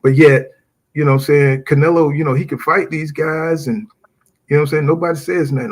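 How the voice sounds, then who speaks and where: A man hosting a relaxed boxing talk show, with a husky, somewhat breathy voice. He talks animatedly and reads viewers' comments aloud between his own opinions. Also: fairly high pitch, fairly quick. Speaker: boxing podcast host. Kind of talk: casual chat.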